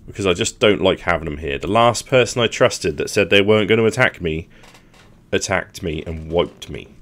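A man's voice: low-pitched, normal speed, a bit bright. A man hosting a gaming channel, thinking aloud in casual commentary as he plans his moves.

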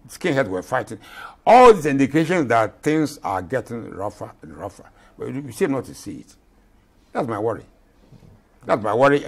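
An elderly man in his eighties, from Ghana, speaks in an impassioned, emphatic way, often repeating his points. His voice is husky and slightly rough. His pitch swings widely between high and low as he argues. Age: 80s. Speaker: retired general, guest. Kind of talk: interview.

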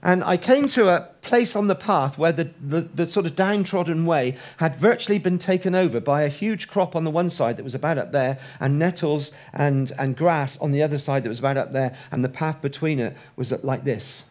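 A man preaches a sermon, his voice sitting a touch high for a man. He talks in a lively, conversational way and leans on rhetorical questions. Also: normal speed, few pauses.

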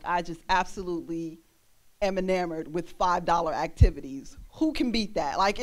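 A young woman ministering in a church, preaching an animated sermon and acting out the voices of the people in her stories. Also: on the low side. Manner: animated, acts out quoted voices, laughs.

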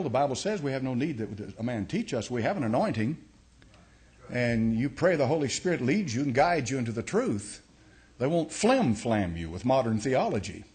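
Folksy pastor teaching a sermon. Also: male voice, mid-range voice. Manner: folksy, explains step by step, many restarts and uh.

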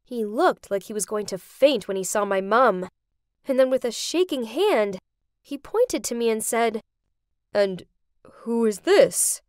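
A young woman narrating an animated story in the first person, dramatic and expressive. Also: a little high, moderate pace, no room sound, clean studio sound.

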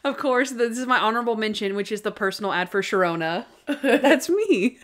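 A woman co-hosting a podcast in casual chat, animated and laughing often as she retells favorite scenes. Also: medium pitch, fast talker. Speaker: podcast co-host.

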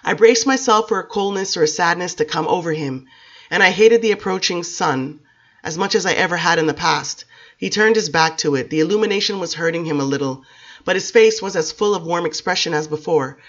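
A woman's voice: on the low side, brisk, dull audio. Woman reading a novel aloud. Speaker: audiobook reader. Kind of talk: first-person novel narration.

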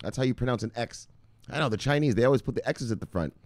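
A man hosting a casual crypto news vlog, excitable and profane, with frequent laughing asides. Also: medium pitch, fast talker, no room sound. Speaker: host.

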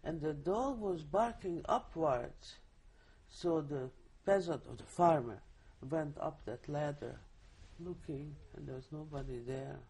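An older woman speaks in a mellow, husky tone. She tells her story vividly, often restarting her sentences, as in a recorded oral history interview. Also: deep voice, a little slow. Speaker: Holocaust survivor giving testimony.

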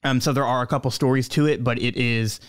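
A man narrating as game master, relaxed, with many fillers. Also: mid-range voice, quick pace, smooth, dry recording, studio quality.

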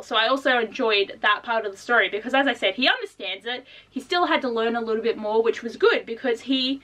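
A young woman reviewing a book in a casual vlog, gushing, swearing freely and acting out characters in squeaky voices. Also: brisk, hardly any pauses, sharp tone, far from the mic.

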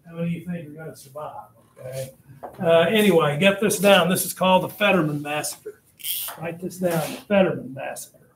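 A male history teacher with a slightly high voice talks a little fast, telling his class a story in a dramatic, blunt manner and addressing the students directly. The recording is from an echoey classroom with faint noise.

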